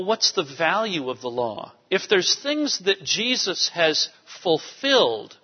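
A man preaching a sermon to a congregation, emphatic and animated, with asides to the people in the pews. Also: fairly high pitch. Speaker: pastor. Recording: dull sound in a reverberant hall.

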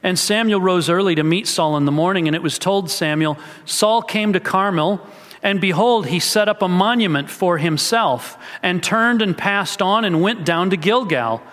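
High-voiced male pastor preaching in a hall. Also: normal speed, fairly bright tone. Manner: expository, voices characters' thoughts with rising emphasis. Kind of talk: sermon. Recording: reverberant hall.

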